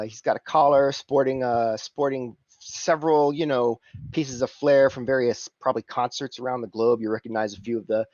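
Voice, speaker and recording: A man's voice: a little high, no room sound, lo-fi sound. A man narrating a tabletop game as game master, in a rambling, filler-heavy way.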